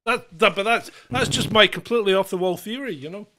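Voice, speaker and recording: Comedy podcast co-host, male, slightly high voice, rambling storyteller who laughs through his lines. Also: brisk, background noise. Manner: rambling storyteller, laughs often mid-sentence. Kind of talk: casual comedic chat.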